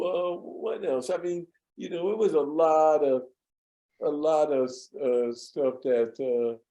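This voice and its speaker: A medium-pitched man, a guest in an interview, reminisces casually about an old workplace. He's an animated storyteller who performs the voices of people he quotes, chuckles often, and repeats words as he recalls things.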